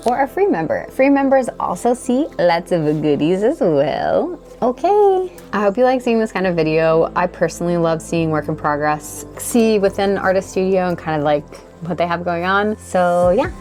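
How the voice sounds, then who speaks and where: A woman artist talks through her projects in a loose, rambling way, filling her sentences with casual asides. Her voice sits a little low. The setting is a small indoor studio, with faint music playing underneath. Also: expressive, moderate pace, few pauses, a little mellow. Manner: chatty, rambling, with frequent "like" fillers. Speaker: artist and channel host. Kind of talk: casual chatty studio tour vlog. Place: small tiny-house art studio, indoors.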